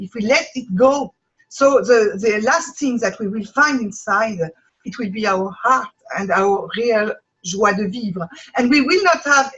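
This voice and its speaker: French lady telling stories, high bright husky voice, kinda dull lo-fi sound. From France. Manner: lively anecdotes, laughs often, acts out quotes. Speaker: guest, laughter school founder. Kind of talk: animated storytelling interview.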